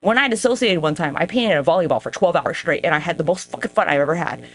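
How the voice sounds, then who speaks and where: A woman's voice: expressive, fast talker. Rambling, profane woman podcaster. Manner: rambling, profane, jumps in pitch for emphasis. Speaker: podcast host. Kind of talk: casual monologue.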